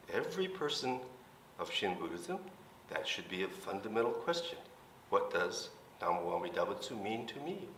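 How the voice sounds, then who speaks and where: A seventy-year-old man, a minister, explaining things gently and patiently in a light comedic skit. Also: on the low side, slight background noise. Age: 70s. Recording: roomy hall, mic at a distance.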